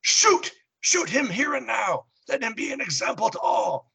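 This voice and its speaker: A man's voice: extremely high pitch, sing-song, measured pace, vocal fry, breathy edge, voice pushed up, heavily acted. A man doing a screaming furious dictator. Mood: enraged. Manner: shouting orders in a rage. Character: furious German dictator, middle-aged man.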